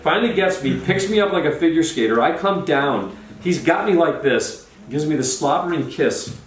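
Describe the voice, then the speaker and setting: A man telling a personal story in an excited way, often restarting and repeating words. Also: on the high side, moderate pace. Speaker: storytelling guest. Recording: roomy, distant, faint noise.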